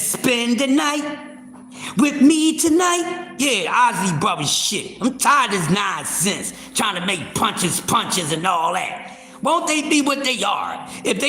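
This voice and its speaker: Man, high bright voice, profane, loud, roomy echo. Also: slight background noise. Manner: loud, profane, animated, with repeated fillers and restarts. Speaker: boxing livestream host. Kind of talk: casual boxing talk.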